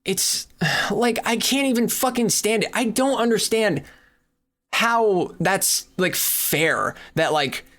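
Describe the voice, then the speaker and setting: A man's voice: sits high, takes it slowly, fairly bright tone. A young man on a podcast ranting in exasperation, swearing heavily as he complains in casual chat. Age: young adult. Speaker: podcast co-host. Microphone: far from the mic at times.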